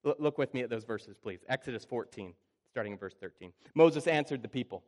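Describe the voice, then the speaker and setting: A middle-aged man preaching a sermon as pastor, animated and conversational, often acting out panicked voices and restarting his phrases. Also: mid-range voice, a little fast.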